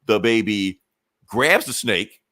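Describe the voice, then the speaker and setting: A man's voice: fairly low pitch, expressive, slow pace, pushed and bright, no echo, studio quality. A man on a podcast recapping a comic book in a loose, casual way, swearing often and using many fillers. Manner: loose, profane storytelling with frequent fillers. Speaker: podcast co-host.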